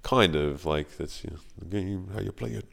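A man's voice: low-pitched, normal speed, vocal fry. An Australian man, an actor guest, chatting casually and self-deprecatingly, often acting out the voices in his stories. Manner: rambling, self-deprecating, acts out quoted voices. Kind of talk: casual podcast chat.

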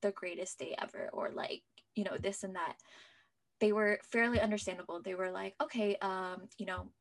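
Speaking as an interview guest, this young woman recounts her personal experiences in a casual, "like"-filled way, occasionally hushing to almost a whisper. She has a mid-range voice, keeps a steady tone, and moves at a normal speed.

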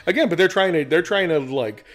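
A man's voice: on the high side, brisk. Chatty man riffing on a podcast. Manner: animated, mocking impressions of others. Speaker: podcast co-host. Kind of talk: casual chat.

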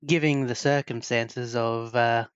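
A man recounts his character's progress slowly and evenly, with little rise or fall in his voice. His mic sounds dull and lo-fi, and the sound is dry. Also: medium pitch, fairly even intonation, clean tone, dry recording. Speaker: player. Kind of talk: in-character tabletop play.

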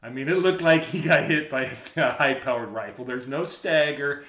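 A man telling a story in casual chat, animated, laughing often and acting out the shouted quotes. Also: medium pitch, moderate pace. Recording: roomy echo.

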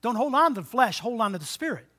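Pastor in his sixties, high bright voice, preaches with big swings from loud to hushed, asks for amens. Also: sing-song, fast talker. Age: 60s. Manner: dynamic preaching, swinging between loud exhortation and quiet, low asides; call-and-response with the congregation. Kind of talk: sermon.

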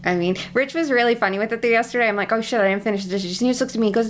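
A woman's voice: a little high, rapid-fire, few pauses. A woman co-hosting a casual podcast, emphatic and swearing freely as she tells stories. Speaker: podcast co-host.

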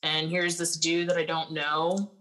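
A woman's voice: sits low, little pitch movement, unhurried, pushed and bright, low-quality recording. A young woman guest telling her life story candidly and bluntly, with frequent swearing and lots of filler words. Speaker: podcast guest.

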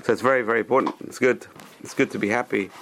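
A man giving a Torah class, animated and repeating phrases for emphasis. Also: lowish voice, rapid-fire, slight background noise. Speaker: rabbi teaching a class.

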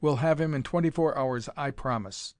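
A man's voice: medium pitch, moderate pace, no echo, natural voice. A man voicing a frightened male ambassador pleading for mercy, in a dry recording. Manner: pleading, fearful.

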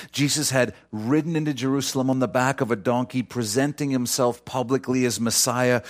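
A man preaching a sermon as pastor, swinging from high, ringing quotes down to low, soft conclusions, with direct asides to his listeners. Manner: addresses the congregation directly, conversational asides.

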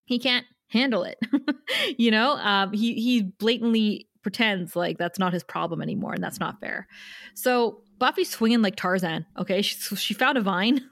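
A woman's voice: mid-range voice, normal speed, fairly bright tone, no room sound, studio quality. A woman co-hosting a podcast, casually recapping an episode and laughing often. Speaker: podcast co-host.

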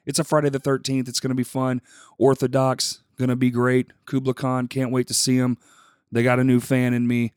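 A man hosting a podcast, reading a casual sponsor plug and introducing his guest with loose, profane, self-mocking banter while clearing his throat now and then. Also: medium pitch, completely flat delivery, a little fast, a little mellow, dry recording, studio quality. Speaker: podcast host.

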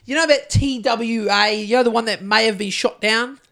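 A New Zealand man with a notably high voice, chatting on a podcast mic. He rambles from tangent to tangent, swears freely and keeps things jokey. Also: moderate pace, bright, forceful tone. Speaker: podcast host. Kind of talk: casual chat.

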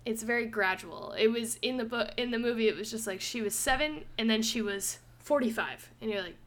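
A young woman hosting a casual book review podcast, animated and quick to laugh, with lots of "like" fillers. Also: a little high, a little hiss or hum. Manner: animated, laughs often, says "like" a lot. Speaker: podcast host.

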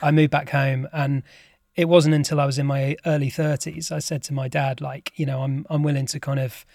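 A man who is a company chairman, telling his story as a podcast guest in relaxed, self-deprecating chat. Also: medium pitch, fairly quick, vocal fry, no echo, clean studio sound. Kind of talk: casual interview chat.

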